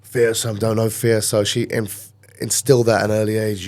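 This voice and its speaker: A man with a London accent, a podcast guest, telling stories from his youth in a casual, animated way and acting out the voices of people he quotes. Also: on the low side, quick pace. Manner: animated storyteller who acts out quoted voices. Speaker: podcast guest, gym owner. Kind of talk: casual storytelling interview.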